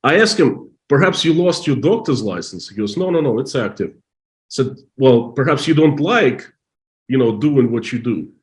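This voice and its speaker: A middle-aged man from Russia with a Russian accent, telling a story in halting, emotional English full of restarts. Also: medium pitch, expressive. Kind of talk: casual storytelling.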